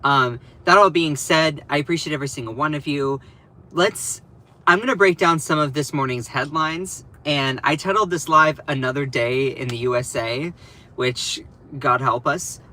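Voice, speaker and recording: A young man hosts a relaxed livestream from his home over breakfast, his voice fairly high and bright with a pushed quality at a moderate pace. He rambles and chats, pokes fun at himself, laughs, and often restarts his sentences.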